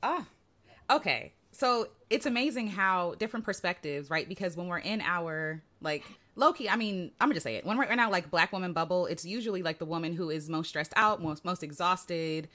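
A woman's voice: lowish voice, lively intonation, brisk, pushed and bright. A woman hosting a podcast interview, chatting casually and sprinkling "like" and "right?" through her questions. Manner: chatty, uses filler "like" and "right?" often. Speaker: podcast host.

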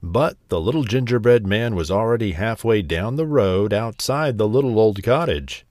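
A man narrating a bedtime story slowly and gently. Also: on the low side, lively intonation, dry recording, studio quality.

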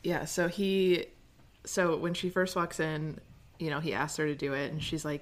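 A woman's voice: low-pitched, moderate pace. A woman co-hosting a podcast, retelling scenes in casual chat and correcting herself as she goes. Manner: relaxed, corrects herself mid-story. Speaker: podcast co-host.

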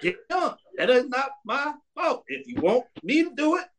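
A man with a bright, high-pitched voice runs a sports show in loose, opinionated commentary. He is blunt and emphatic, stacking up short commands to make his point. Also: sing-song, normal speed, slight background noise.

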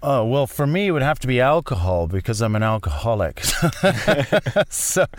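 A man in his forties talks in a loose, rambling way, poking fun at himself and tripping over restarts. His voice sits at an ordinary middle pitch. The sound is dry and close, with no room around it. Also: sing-song, moderate pace, no echo. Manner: rambling, self-deprecating, frequent restarts. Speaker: podcast guest. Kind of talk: casual chat.

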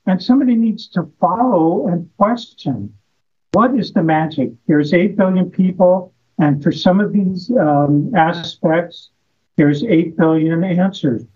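Husky-voiced man, muffled audio. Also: sits high, a little slow. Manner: storytelling, rhetorical questions. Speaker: guest, health practitioner. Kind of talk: casual conversation.

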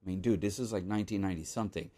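A man who is a guest composer on a podcast, telling a story in casual chat and acting out the people he quotes. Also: racing. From Miami, United States. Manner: animated, acts out quotes with sudden jumps in pitch.

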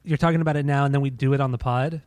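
A young man banters on a podcast, teasing his co-host and firing off short questions. His voice sits at a middle pitch. The recording is dry and close. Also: fairly even intonation, rapid-fire, darkish tone, smooth, no echo. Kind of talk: casual chat.

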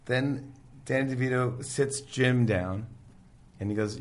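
A man chatting casually about an old sitcom, animated and acting out scenes in quick impressions. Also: mid-range voice. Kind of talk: casual chat.

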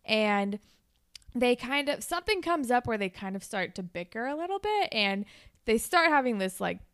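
A woman's voice: on the high side, very animated, moderate pace, fairly bright tone, smooth, no echo, clean studio sound. Bubbly woman spinning a playful story. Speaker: podcast co-host. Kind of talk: casual chat, improvising a story for a listener.

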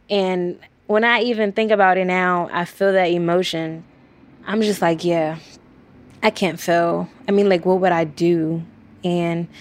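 A woman in her twenties from Washington, D.C., a college student speaking candidly and quickly in an interview, acting out the exchanges she retells. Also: on the low side, no echo. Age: 20s. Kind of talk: recorded interview.

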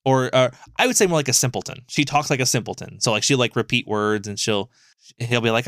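Man, podcast co-host; middle pitch, casual, rambling, animated delivery; dry close mic. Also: brisk, no room sound. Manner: animated, rambling storytelling with frequent fillers and swearing.

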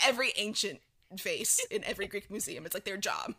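Brief: woman, podcast co-host, bright and lively, quick to laugh. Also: mid-range voice, husky. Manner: chatty, laughing, animated. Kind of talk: casual chat about a reality show.

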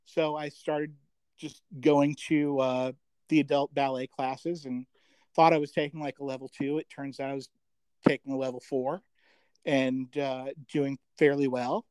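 Smooth-voiced middle-aged man, rambling and chatty. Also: medium pitch, flat delivery, darkish tone, no echo, low-quality recording. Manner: chatty, rambling, full of 'um' fillers; self-deprecating, quick to joke. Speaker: podcast guest. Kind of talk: casual reminiscing chat.

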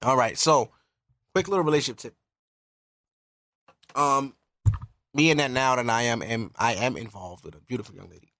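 A young man talking straight into the mic on his own podcast, swearing freely as he hands out earnest relationship advice. His voice sits at an average pitch for a man, and the sound is close and dry with no room echo. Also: normal speed, pauses often, bright, forceful tone. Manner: candid and profane, earnest advice. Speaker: podcast host. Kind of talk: casual podcast monologue.

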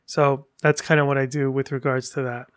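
A man hosting a solo podcast, chatting in an animated, rambling way and gushing as he tells stories. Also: mid-range voice, normal speed. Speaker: podcast host. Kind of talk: casual solo podcast update.

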